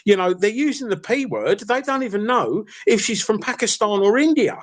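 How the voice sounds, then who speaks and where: A man with a fairly high voice argues on an online call. He rambles and circles back, leaning on fillers and calling the other man fella and mate, insistent throughout. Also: animated, normal speed, crowd noise. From East London. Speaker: participant in an online call-in argument. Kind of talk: heated casual argument.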